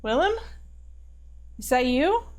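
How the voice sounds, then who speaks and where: A woman's voice: high voice, big pitch swings, slow, a little mellow, voice pushed up, full character voice. A woman voicing a distressed young woman who calls out to a lost friend. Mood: pleading. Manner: pleading, raised and tearful.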